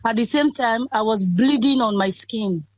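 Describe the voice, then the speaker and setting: A woman in her twenties from Sierra Leone, with a Sierra Leonean accent, speaks in a fairly high voice. Her sentences are short and halting, and she often says things twice. The sound is dry and close. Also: husky, no echo, low-quality recording. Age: 20s. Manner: simple halting sentences, repeats herself. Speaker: interviewee, Ebola survivor. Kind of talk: interview over a phone or call.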